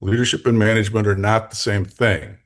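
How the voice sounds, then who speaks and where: An older man telling lively, jokey stories as a guest coach in an interview, laughing between lines. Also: on the low side, a little fast. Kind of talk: anecdotal storytelling in a podcast interview.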